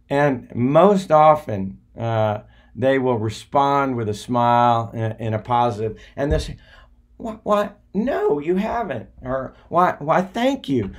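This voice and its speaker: An older man talks straight to his viewers in a folksy, affectionate live-stream monologue. His voice sits in an ordinary middle range, and he wanders through fillers and restarts as he goes. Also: medium pitch. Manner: rambling, full of uh and restarts.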